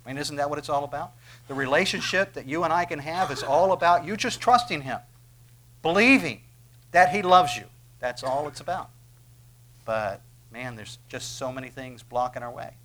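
A man's voice: a little high, normal speed, fairly bright tone, slight background noise. A man preaching a sermon in a loose, conversational way. He asks his listeners questions and briefly acts out the voices of the people he quotes.

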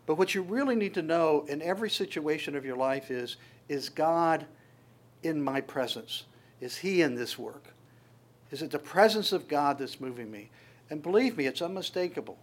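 A man's voice: fairly high pitch, animated, normal speed. Stammering conversational male preacher. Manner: conversational, quotes scripture and acts out voices in passing; frequent restarts and stammers. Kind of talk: sermon.

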